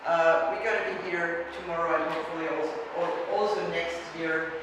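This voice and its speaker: A woman's voice: on the low side, fairly even intonation, normal speed. A woman giving a workshop presentation and answering questions, talking hesitantly with many restarts, recorded from far off in a large echoing hall. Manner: hesitant, restarts often, searches for words. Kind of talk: conference presentation and Q&A. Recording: echoey hall from far off with noise.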